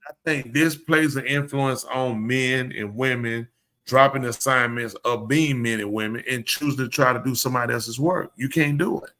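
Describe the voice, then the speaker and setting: Male live-show podcast host with a bright, forward voice at an ordinary pitch, blunt and opinionated, talking straight at the room. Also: normal speed. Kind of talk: casual chat.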